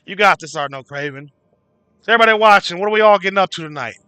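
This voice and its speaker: A man rants to his livestream chat, swearing casually and calling out viewers by name. His voice sits high and sounds very bright and sharp. The sound is close and dry, with almost no room around it. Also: racing, clean tone, no room sound. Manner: swearing freely. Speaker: livestream host.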